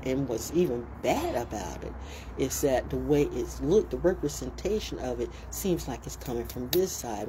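Blunt, fired-up woman ranting outdoors. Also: rumbling low. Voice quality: blunt, passionate, emphatic. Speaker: motivational speaker. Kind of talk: casual spoken monologue. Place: outdoors, birds and passing vehicles. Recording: noisy outdoor recording.

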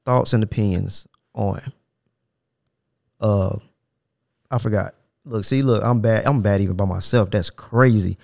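With a fairly low, somewhat creaky voice, a young adult man with an African American Vernacular English accent hosts a solo podcast, speaking a little slowly, pausing often, and sounding a little mellow. His manner is casual, profane and rambling, with "you know what I'm saying" coming up often. The clean studio sound carries no echo.

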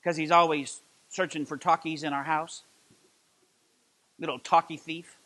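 A middle-aged man preaching a sermon as pastor of a church, impassioned and building to loud emphatic peaks. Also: on the high side, little pitch movement, unhurried. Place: church sanctuary.

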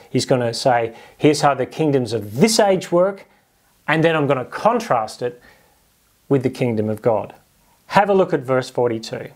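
A man preaching a sermon in a conversational way, acting out quoted voices with humor. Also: fairly high pitch. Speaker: pastor.

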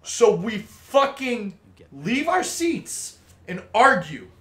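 A man of twenty-two hosting a casual gaming podcast, telling a story as an animated, swearing rant. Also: sits high, slow pace, echoey room. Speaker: host. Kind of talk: casual podcast chat over gameplay.

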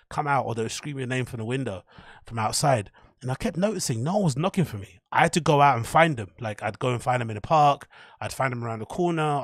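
A man's voice: mid-range voice, no echo, clean studio sound. A man, hosting a podcast and telling a story in a loose, swearing, chatty way full of "like" and repeats. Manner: loose, profane, chatty delivery with many "like"s and repeats. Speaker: podcast host. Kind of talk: casual storytelling monologue.

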